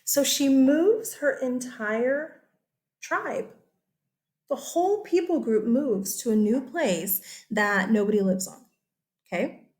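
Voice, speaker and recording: A chatty woman teacher walks her class through a history lesson over slides. Her voice sits on the higher side, and she keeps checking in with her listeners as she goes. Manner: chatty, animated, often checks in with "okay?".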